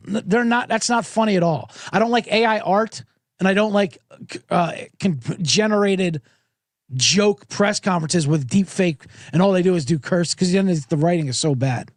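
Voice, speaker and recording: A man's voice: sits high, normal speed, no echo, clean studio sound. A middle-aged man hosting a podcast, ranting in a sarcastic comedic monologue and swearing freely. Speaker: podcast host.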